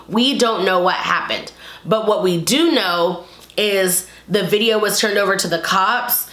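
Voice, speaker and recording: A woman's voice: on the low side, fairly bright tone, reverberant. A woman giving casual commentary in a vlog, talking emphatically and repeating her points for stress. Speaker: video commentator.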